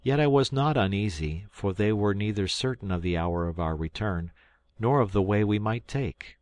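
A man with a very low voice reads an old novel aloud at a measured, steady pace. The sound is close and dry, with no room around it. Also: dry recording. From South Carolina, United States. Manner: measured, steady reading that lifts into dialogue. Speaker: volunteer audiobook reader. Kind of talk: audiobook narration.

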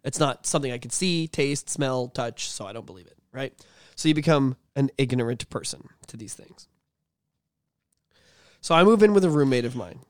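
A young man tells a story on a podcast in a casual, animated way. He swears often and rambles with lots of fillers. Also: mid-range voice, moderate pace, no room sound, studio quality. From Canada. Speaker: podcast host.

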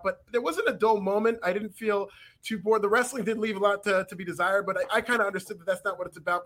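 A man co-hosting a podcast, chatting casually and animatedly about wrestling, with frequent restarts. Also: high voice. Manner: animated, talks fast with restarts. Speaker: podcast co-host.

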